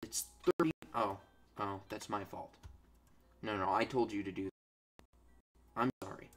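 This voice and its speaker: A young man commenting on a strategy game in a crude, sarcastic way, swearing constantly and swinging from low mutters to loud outbursts at his units. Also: steady tone, a little slow. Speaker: gameplay commentator. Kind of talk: crude, ranting gameplay commentary.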